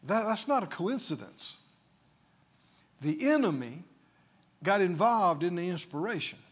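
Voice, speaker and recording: Preacher guy, high voice, swoops all over, takes his time, keeps asking the crowd questions. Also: very animated, measured pace, slightly rough. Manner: emphatic, with rhetorical questions. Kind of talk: sermon.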